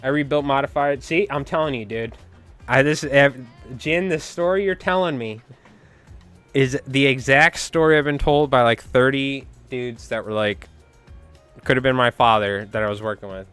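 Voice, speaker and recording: Faint music sits behind this fly tying stream, where a man chats loosely with viewers and wanders through anecdotes, chuckling often. He speaks at normal speed in a medium pitch, with a fairly bright, clean tone.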